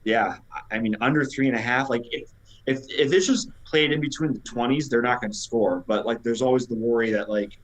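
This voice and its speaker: A man's voice: medium pitch, fairly even intonation, brisk, poor audio. A man with an ordinary mid-range voice explains point spreads and totals in a plain, matter-of-fact way. He keeps it conversational, with some hedging fillers. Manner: explains betting lines matter-of-factly. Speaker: podcast co-host. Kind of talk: casual sports chat.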